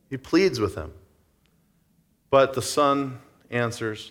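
Male pastor, sermon, casual delivery, lively pitch swings, acts out scenes. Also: slow pace, long pauses.

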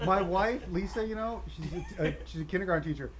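A man's voice: high voice, fast talker, slight background noise. A man telling a story in a loose, casual way, laughing as he talks. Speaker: comedy show cast member. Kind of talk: casual chat.

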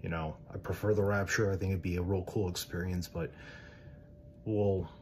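Deep-voiced male podcaster, earnest and direct, loose rambling delivery. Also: little pitch movement, normal speed, darkish tone, a little hiss or hum. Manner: rambling, with many fillers and restarts. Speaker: Christian podcaster. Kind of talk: casual religious talk.

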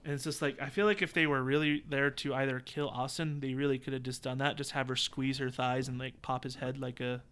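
With a clear, resonant, medium-pitched voice, this podcast co-host talks briskly, hardly pausing. He keeps the casual chat animated and full of jokes, acting out movie lines along the way.

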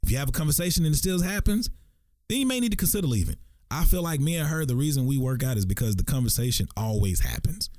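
A man's voice: medium pitch, big pitch swings, quick pace, a little mellow, no echo, clean studio sound. A man, co-hosting a podcast in casual chat and acting out quotes in put-on voices. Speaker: podcast co-host.

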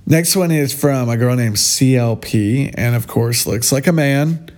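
A man's voice: mid-range voice, a little mellow. A man giving sarcastic, mocking reaction commentary in a scornful tone. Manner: mocking, scornful, drawn-out delivery. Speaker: vlogger.

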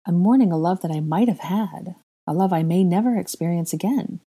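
A woman's voice: fairly low pitch, fairly quick, warm tone, husky. A woman reading a doleful, hesitant young woman. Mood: sorrowful. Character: young woman, grieving and self-doubting.

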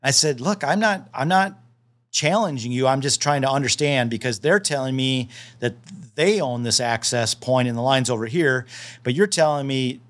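A man's voice: mid-range voice, normal speed. A man casually telling stories in a podcast interview, acting out the dialogue with frequent restarts. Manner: animated, acts out dialogue in the stories; repeats and restarts often. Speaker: land specialist.

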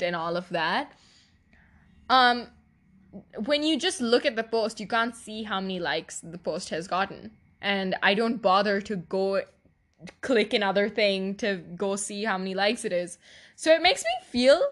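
A woman's voice: fairly high pitch, pushed and bright. A young woman hosting her own podcast, talking candidly and emotionally in a confessional monologue, laughing often and swearing casually, her voice sometimes teary. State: teary, voice breaking at times. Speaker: podcast host.

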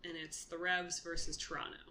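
A woman's voice: lowish voice, flat delivery, a little fast, pushed and bright, slight background noise. A young woman co-hosting a casual podcast, dry, teasing and unbothered. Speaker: podcast co-host. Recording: roomy echo.

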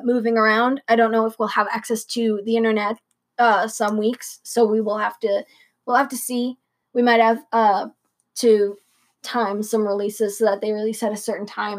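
A young woman co-hosting a late-night podcast, rambling casually with lots of fillers and restarts. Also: on the high side. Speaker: podcast co-host.

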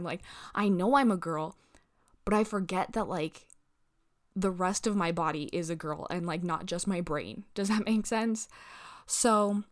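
Profane, animated young woman. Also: mid-range voice. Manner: profane, animated retelling with acted quotes. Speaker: storyteller. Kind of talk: casual storytime chat.

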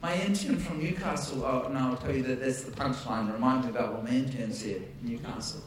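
A man preaching a storytelling sermon, animated and playful, acting out dialogue with self-deprecating humor. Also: mid-range voice, fairly quick, slight background noise. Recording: echoey hall from far off.

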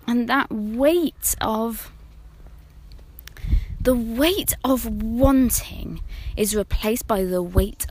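A woman talks through a reflective monologue in an unhurried, deliberate way, with pauses between her phrases. Her voice sits a little high, and she often drops to a near whisper to sound intimate. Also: a little mellow. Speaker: podcast host.

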